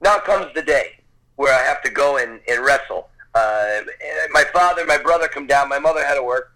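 A man's voice: medium pitch, moderate pace, pushed and bright, poor audio. Earnest man telling a personal story. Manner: earnest, conversational, acts out quoted voices. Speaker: storyteller guest. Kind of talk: personal anecdote, casual storytelling.

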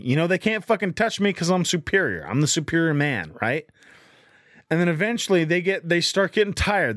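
A man's voice: sits high, no room sound, clean studio sound. A man telling a rambling, boastful story in casual chat, swearing constantly.

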